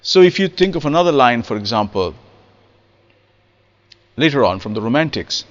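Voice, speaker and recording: A man giving a spoken music lesson on rhythm, lively and demonstrative, acting out examples and reciting verse in a studio. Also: medium pitch, moderate pace, long pauses, big-room sound, muffled recording. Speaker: percussionist explaining rhythm.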